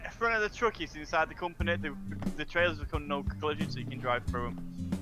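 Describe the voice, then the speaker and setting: A man in casual gaming voice chat, explaining things to the group in a relaxed way. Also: on the high side, fast talker, music in the background.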